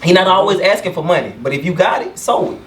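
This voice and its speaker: In his shop room, a young barber-podcaster chats casually and earnestly about his views, his high voice fast and fairly bright. He frequently checks in with "you know what I'm saying," captured by a distant mic with a roomy sound.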